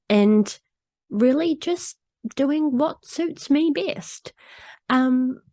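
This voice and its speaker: A woman's voice: medium pitch, a little mellow, dry recording, studio quality. A woman hosting a solo podcast, talking candidly in a chatty way, often laughing and acting out what people said. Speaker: podcast host.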